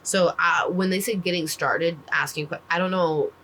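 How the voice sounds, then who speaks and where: A woman's voice: on the low side, steady tone, normal speed, a bit bright, rough recording. A woman casually recapping a book, rambling with lots of "like" fillers and the odd swear word. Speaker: book reviewer.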